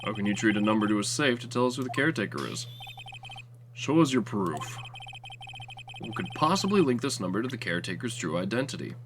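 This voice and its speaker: A man's voice: fairly low pitch, very animated, a little fast, background noise, pitched below the performer's own voice. A man voicing a cold, arrogant older prosecutor who talks in a dismissive, sneering way. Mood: scornful. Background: game music.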